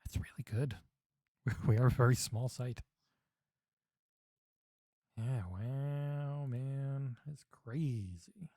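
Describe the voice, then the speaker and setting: A man streaming a game for charity on a headset mic, chatting excitedly with viewers and swearing freely. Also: medium pitch, very slow, pauses often, no echo. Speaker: charity livestream gamer. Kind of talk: casual game-stream commentary. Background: game music.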